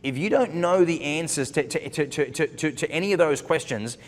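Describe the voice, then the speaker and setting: A man's voice: on the high side, moderate pace. Guy from a ministry giving earnest dating advice, chatty storytelling, keeps repeating words, long echoey hall reverb. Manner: earnest, conversational, repeats words while searching for them. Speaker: Christian ministry speaker.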